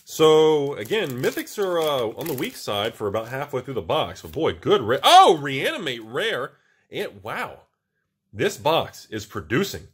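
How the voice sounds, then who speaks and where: A man hosting a casual card-unboxing video, talking to viewers as he opens packs, excitable and repeating himself. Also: medium pitch, moderate pace, breathy edge. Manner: excitable, repeats words, often addresses viewers as everybody. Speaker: channel host opening card packs.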